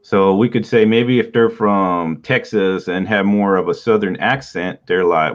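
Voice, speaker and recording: Deep-voiced man with a stuffy nose. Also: a little slow, hardly any pauses. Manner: relaxed, rambling, laughs often. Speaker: writing podcast host. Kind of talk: casual teaching talk. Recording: dull lo-fi sound.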